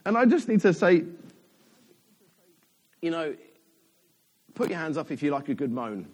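High-voiced man preaching casually. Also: sing-song, unhurried. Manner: chatty, self-deprecating, jokes with the congregation. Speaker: church elder preaching. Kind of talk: sermon. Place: church.

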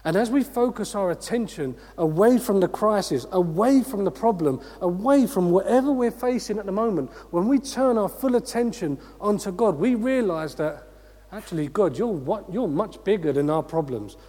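A man preaching a sermon, energetic, with rhetorical questions and call-outs to the congregation. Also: sits high, normal speed, in a large hall.

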